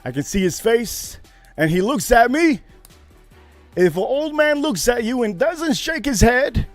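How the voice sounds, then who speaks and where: A man with a high voice tells a rambling story to his livestream chat. He gets excitable and swears, with loud bursts of excitement. Faint music plays behind him. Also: unhurried. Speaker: livestream host. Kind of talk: casual storytelling to a live chat.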